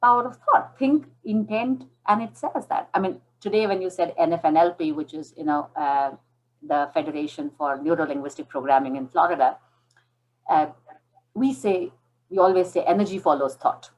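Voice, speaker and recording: A woman from India in her forties, speaking low at a normal pace, tells her story as an interview guest and acts out its dialogue. The recording is rough.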